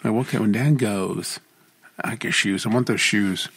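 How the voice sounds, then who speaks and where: A man's voice: lowish voice, moderate pace, vocal fry, fairly bright tone, breathy edge, no room sound. A man co-hosting a podcast, chatting casually and teasing his friend with jokes. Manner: joking, teasing banter. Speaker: podcast co-host. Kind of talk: casual chat.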